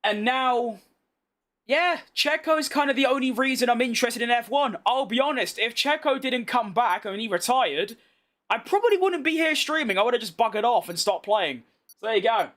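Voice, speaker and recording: A man with a London accent streaming a racing game, chatting with viewers and yelling excitedly at the race. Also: extremely high pitch, normal speed. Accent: London English. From London, England. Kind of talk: live gameplay commentary and chat.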